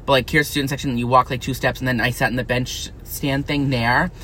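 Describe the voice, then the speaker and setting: A young man in college, venting in a profane, angry, unfiltered rant to camera that swings into high, shrill outbursts. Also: flat delivery, quick pace, bright, forceful tone, slight background noise. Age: young adult. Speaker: vlogger.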